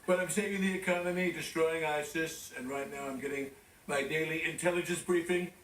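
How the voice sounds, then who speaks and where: A man's voice: a little high, steady tone, brisk, recorded from a distance, background noise, natural voice. A man playing a boastful, rambling male president who is out of breath, in a sketch comedy impression. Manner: pompous, self-praising, rambling asides. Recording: roomy studio, from off mic, loud audience laughter.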